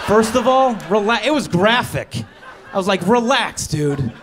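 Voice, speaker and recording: A man with a high voice performs stand-up on a stage, speaking into a handheld mic. He tells his story in a sheepish, conversational way, breaking into exasperated outbursts. A faint murmur of the room sits behind him. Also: animated, moderate pace, fairly bright tone, some chatter behind, a little hiss or hum. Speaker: stand-up comedian. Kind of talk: stand-up comedy set. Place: comedy stage before a live audience.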